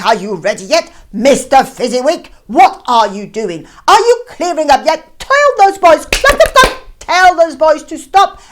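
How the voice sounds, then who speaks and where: A storyteller voicing a jolly, bustling older woman who calls out loudly and excitedly. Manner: loud, shrill, bossy calling out.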